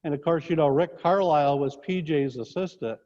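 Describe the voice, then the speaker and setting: Coach telling rambling stories, dull lo-fi sound. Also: male voice, fairly high pitch, fairly quick, darkish tone. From northern New York. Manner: rambling anecdotes with restarts, chuckling. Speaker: guest, former basketball coach. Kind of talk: casual storytelling on a sports talk show. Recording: dull lo-fi audio in a reverberant space.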